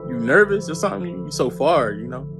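A man's voice: a little high, animated, quick pace, creaky, over music. Stammering man in a comedy sketch.

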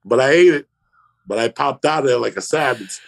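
A brisk comedian guest with a mid-range, gravelly, husky voice tells a rambling, cursing story on a podcast. He mimics the voices of the other people in it.

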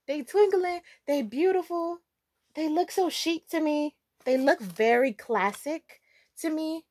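A woman's voice: high voice, animated, moderate pace, darkish tone, no room sound. A young woman vlogger gushing and chatting playfully while unboxing shoes. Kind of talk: casual unboxing vlog.

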